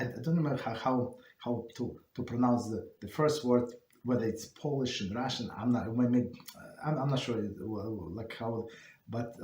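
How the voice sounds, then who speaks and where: A man at a middle pitch tells a story to a study class, stopping and restarting his sentences as he gropes for words. His voice carries a roomy echo, as if the room is live and bare. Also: a little mellow, slight background noise. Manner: halting, with many restarts and self-corrections. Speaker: class leader closing a study session.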